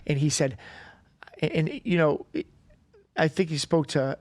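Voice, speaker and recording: A man, a company CEO appearing as a podcast guest, chatting casually and often halting and restarting his sentences. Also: on the high side, darkish tone, dry recording. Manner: halting, stammers and restarts when moved.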